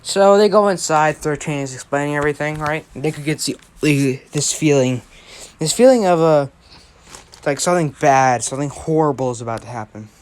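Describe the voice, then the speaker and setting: A young adult spins a fan story in a loose, rambling way, trailing off and correcting themselves. They keep checking in with quick "right?" tags at a middle pitch. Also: clear, resonant tone. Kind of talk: casual retelling of a fan story.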